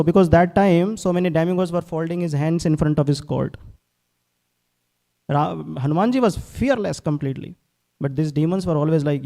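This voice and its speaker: A man gives an earnest devotional sermon at a temple class, acting out quotes from scripture stories and repeating words. He has a fairly high, dark-toned voice with vocal fry and a moderate pace.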